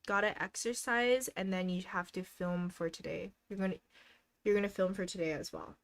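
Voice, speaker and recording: A woman's voice: medium pitch, steady tone, moderate pace. Upbeat encouraging young woman. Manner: upbeat and encouraging, reads out viewers' goals; giggles often between remarks. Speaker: livestream host. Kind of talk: casual live-stream chat.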